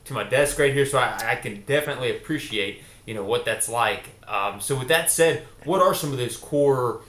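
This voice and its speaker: A man's voice: mid-range voice, normal speed, fairly bright tone. A man in his forties hosting an interview podcast, asking long, rambling, friendly questions with many fillers. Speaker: podcast host. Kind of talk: conversational interview. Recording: echoey room.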